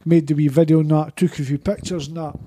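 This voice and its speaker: A Scottish man, a podcast guest, telling one rambling, excited anecdote after another in casual chat. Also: fairly high pitch, quick pace.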